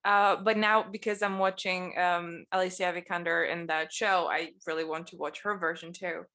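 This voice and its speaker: A woman's voice: on the low side, steady tone, moderate pace, pushed and bright. A woman co-hosting a podcast, talking in a loose, rambling way that often trails off mid-thought. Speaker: podcast co-host. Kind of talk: casual chat.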